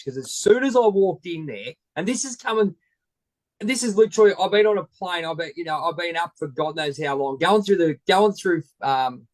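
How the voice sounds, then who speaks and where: A man's voice: on the high side, no echo, low-quality recording. An Australian man hosting a casual interview, chatty and full of travel anecdotes. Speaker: host.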